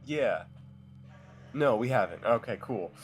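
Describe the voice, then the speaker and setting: Brief: male player, casual and offhand, lively pitch that moves up and down. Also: slow. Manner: offhand, hesitant restarts. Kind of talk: casual chat during a tabletop game.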